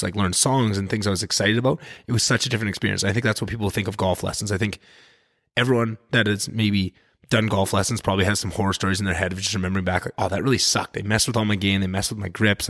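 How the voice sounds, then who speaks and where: A man hosting a podcast, talking in a loose, rambling, animated way and swearing freely. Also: on the low side, dry recording, studio quality. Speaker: podcast host. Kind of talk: casual podcast chat.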